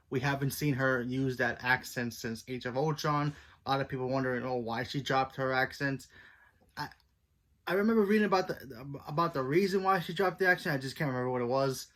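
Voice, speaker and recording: A man's voice: medium pitch, a bit bright. A man with an everyday mid-range voice runs through a TV episode in a casual spoiler review. He rambles, leans on "you know" and "like", and stops to correct himself while he thinks aloud. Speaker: TV show reviewer.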